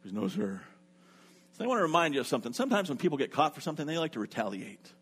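A man's voice: fairly high pitch, rapid-fire, husky. A middle-aged man preaching a sermon, telling a personal story and acting out what each person said. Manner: lively storyteller who acts out what people said. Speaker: pastor.

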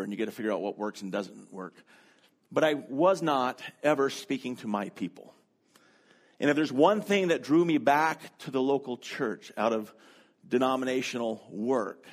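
A man preaching a sermon from the front of a church, speaking into a handheld microphone. His tone is relaxed and conversational, and he pokes fun at himself as he goes. His voice sits at an ordinary middle pitch for a man. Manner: conversational and chatty with self-deprecating humor. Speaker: pastor. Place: church sanctuary.

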